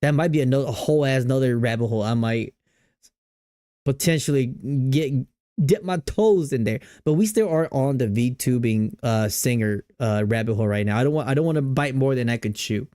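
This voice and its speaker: A man's voice: medium pitch, brisk, dark tone, no echo, studio quality. A young man streaming, reacting to game music in casual, slangy chat, hyped and repeating himself.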